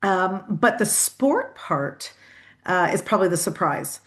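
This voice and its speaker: A woman's voice: lowish voice, big pitch swings, measured pace, fairly bright tone. A Canadian woman with a Canadian accent, answering interview questions in a chatty way, with many restarts and fillers, over a video call. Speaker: guest.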